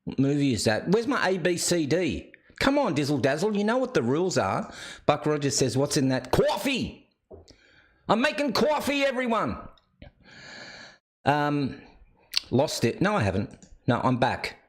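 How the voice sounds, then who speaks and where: A man's voice: on the high side, sing-song, moderate pace. An Australian man hosting a live chat show and reading viewer comments aloud. He keeps breaking into laughter. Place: indoors.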